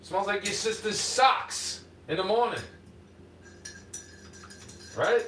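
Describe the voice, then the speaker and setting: Play a ranting New York man, high and lively. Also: slow pace, far from the mic, slight background noise. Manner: combative, swearing, jumps between muttering and shouting. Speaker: livestreamer. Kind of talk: profane ranting monologue. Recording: roomy, off-mic, faint ambience.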